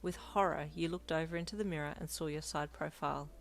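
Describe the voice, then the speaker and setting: A woman narrating a second-person romance fan story in a calm, even storytelling manner. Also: low-pitched, quick pace, slight background noise.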